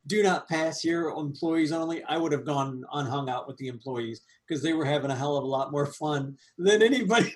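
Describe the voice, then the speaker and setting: A man co-hosting a casual movie review chat, animated and laughing, with quick asides. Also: fairly high pitch. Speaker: podcast co-host.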